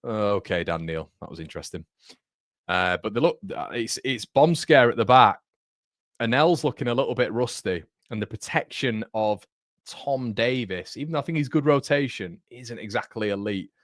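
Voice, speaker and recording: A man's voice: on the low side, expressive, normal speed, a bit bright, dry recording, studio quality. A young man from England, hosting a live football watchalong in a chatty, blokey way full of "mate" and "um". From North East England. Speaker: fan channel host. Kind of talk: live watchalong commentary and chat.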